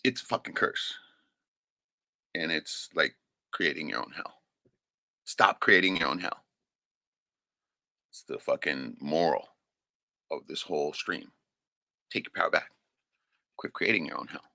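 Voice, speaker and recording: A man's voice: extremely low pitch, normal speed, vocal fry, long pauses, bright, forceful tone, dry recording. A man hosting a livestream, speaking an emotional, unscripted monologue in a raw, profane way, often tagging sentences with "right?". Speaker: livestream host.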